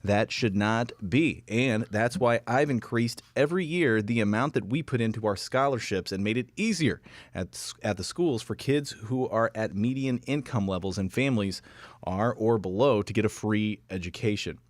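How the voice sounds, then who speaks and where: A man delivers political news on a podcast in a steady, measured way, reading a quote aloud. The recording is dry and close, with no room sound. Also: on the low side, no echo. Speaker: podcast co-host. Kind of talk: casual political chat.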